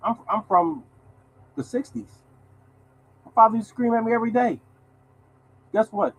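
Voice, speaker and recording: A man's voice: sits high, moderate pace, husky, rough recording. A man in his sixties hosting a lottery show, talking bluntly and swearing, speaking. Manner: animated, blunt, swearing, addresses audience as y'all. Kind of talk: casual monologue to viewers.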